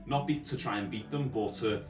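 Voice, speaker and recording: A man's voice: fairly low pitch, brisk. Man, roomy and distant, music behind. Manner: relaxed storytelling with many "like" fillers. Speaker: podcast co-host, gym coach. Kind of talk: casual chat. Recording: echoey room, far from mic, music behind.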